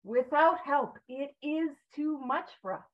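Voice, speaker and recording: A woman's voice: high voice, measured pace, far from the mic, muffled recording. A woman speaking to a recovery group in an earnest, conversational way, with self-deprecating asides. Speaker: recovery speaker leading a big book study. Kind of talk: informal talk to a recovery group.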